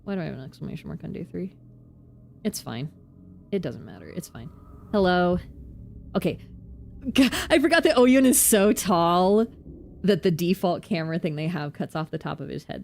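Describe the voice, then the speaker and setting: A woman vtuber giving casual gameplay commentary, chatty and self-mocking, with quick asides. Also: lowish voice, gravelly, a little mellow. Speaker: vtuber streamer.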